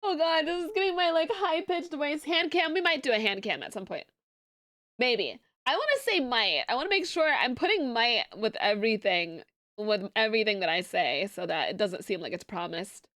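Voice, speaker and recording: A woman streamer chatting casually with her viewers, excitable and quick to laugh, often jumping up into a squealing high pitch. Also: no echo, clean studio sound. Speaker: streamer reacting to memes. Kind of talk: casual live-stream chat.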